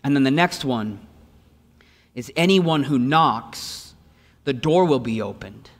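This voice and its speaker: A man's voice: medium pitch, animated, slow, long reverb tail. A man, a pastor, preaching a sermon with lots of energy and repeated rhetorical questions to the congregation, sometimes acting out the voices of the people he quotes. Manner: acts out voices in quoted lines. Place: church sanctuary.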